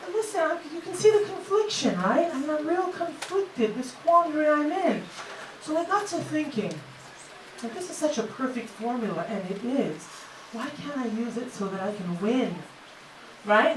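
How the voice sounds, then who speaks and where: A woman with a high, expressive voice performs a brash, mocking stand-up set on a comedy club stage at normal speed. Her delivery is punchy. She's captured from far off in an echoey, noisy club, with audience laughter behind her.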